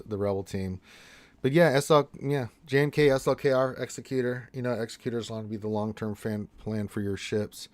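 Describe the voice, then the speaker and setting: A man's voice: on the low side, darkish tone, dry recording. A man co-hosting a gaming livestream, giving casual, laid-back advice to viewers and calling them dude and man. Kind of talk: casual chat, reading viewer questions.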